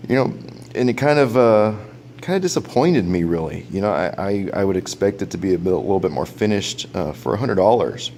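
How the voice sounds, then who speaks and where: Low-voiced man for a relaxed gadget review vlog, rambly, stops and restarts a lot, quick to chuckle. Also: a little hiss or hum. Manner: rambling, full of fillers and restarts, chuckles often. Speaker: product reviewer.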